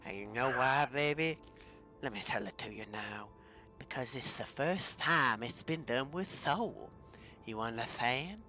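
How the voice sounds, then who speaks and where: A man with a mid-range, sharp-toned voice plays a boastful, heavyset male wrestler in a tabletop role-play. In character, he cuts a promo in a swaggering drawl, calling everyone "baby."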